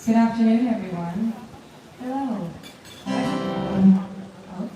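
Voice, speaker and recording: A woman singer in a band chatting between songs, soft-spoken, emotional and a little rambling. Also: medium pitch, very slow. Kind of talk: stage banter between songs. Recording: echoey hall, far from mic, loud music. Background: band instruments.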